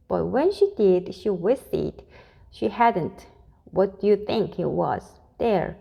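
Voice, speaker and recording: A woman reading a children's picture book aloud in a deliberate, expressive way. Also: mid-range voice, creaky, lo-fi sound. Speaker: storyteller. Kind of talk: children's story read-aloud.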